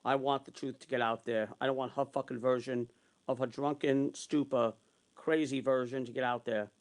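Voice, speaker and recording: A man's voice: medium pitch, steady tone, normal speed. A man ranting heatedly in a vlog, repeating himself and swearing as he retells his arguments. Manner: long retellings of arguments in quotes. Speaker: vlogger. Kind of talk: angry ranting monologue.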